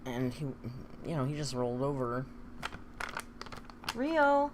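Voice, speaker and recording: A woman's voice: extremely low pitch, level tone, fairly quick, background noise. A woman chatting casually on a live stream, reading viewer comments aloud and laughing often.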